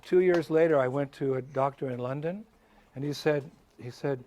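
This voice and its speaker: A man, a visiting swami, telling a story to schoolchildren in a lively way, laughing and bursting into shouts and chants. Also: medium pitch, moderate pace. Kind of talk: animated storytelling.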